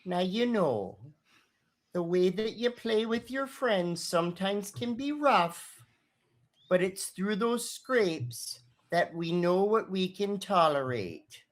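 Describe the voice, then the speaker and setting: A game master voicing a pleasant, motherly octopus receptionist woman with an American Northwestern accent, sweet and gently chiding. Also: mid-range voice, lively intonation, slow pace.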